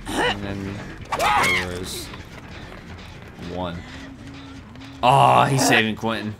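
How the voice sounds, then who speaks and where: A man giving live commentary on his own gameplay, excitable and talking to himself as he plays. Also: lowish voice, drawn-out words, creaky, long pauses, noisy background. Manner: excitable, talks to himself while playing. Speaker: gaming streamer. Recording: game music loud behind.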